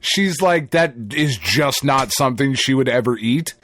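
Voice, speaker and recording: A man's voice: mid-range voice, a little slow, dry recording, clean studio sound. A man, co-hosting a podcast, telling a story in casual chat with lots of swearing and laughter. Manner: profane, animated storytelling with laughter. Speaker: podcast co-host.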